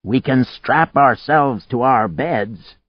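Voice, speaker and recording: A man voicing a calm, precise man who explains things in a raised, matter-of-fact voice. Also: medium pitch, unhurried, no room sound, muffled recording, pitched above the performer's own voice. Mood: earnest.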